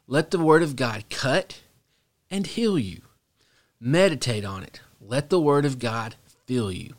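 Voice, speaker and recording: A middle-aged pastor with a mid-range voice teaches on a devotional podcast. He speaks slowly, reflectively, and earnestly, his voice dropping to a soft hush at pauses.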